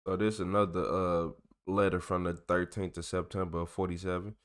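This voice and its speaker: A man's voice: sits low, little pitch movement, fairly quick. A man hosting a channel, reading old documents aloud in a casual way, tripping over long words and breaking off for joking slang asides. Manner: stumbles over long words and corrects himself. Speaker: channel host.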